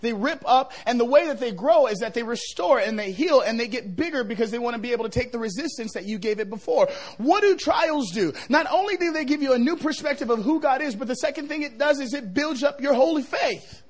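A middle-aged male pastor preaching a revival sermon, joking with the crowd and building to shouts. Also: very high-pitched, lively intonation, brisk, few pauses.

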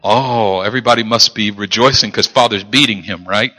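A man's voice: lowish voice, a little fast, pushed and bright, in a large hall, voice pushed down. A man voicing a sulky, resentful older brother who whines and sneers in a self-pitying way. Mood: mocking. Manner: whiny, sarcastic, self-pitying.

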